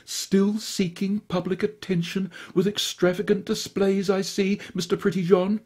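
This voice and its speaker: Brief: a prim, commanding lady in a storybook reading, raised pitch and mellow tone, put on by a male narrator. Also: level tone, unhurried, husky. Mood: firm. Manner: firm and precise. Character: prim, firm elderly lady.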